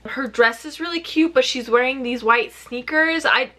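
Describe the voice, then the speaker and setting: A woman vlogger giving a chatty, sarcastic recap of a TV show with rapid-fire questions. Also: sits high, sharp tone. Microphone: camera mic.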